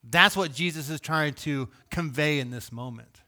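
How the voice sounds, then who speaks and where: A male pastor delivering a sermon in an animated, conversational preaching manner. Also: fairly high pitch, normal speed.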